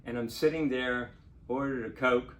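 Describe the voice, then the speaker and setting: An older man, a lawyer, telling a true personal story in a chatty, animated way and laughing now and then. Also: mid-range voice, normal speed, slight background noise. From Portsmouth, Virginia. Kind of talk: casual spoken storytelling.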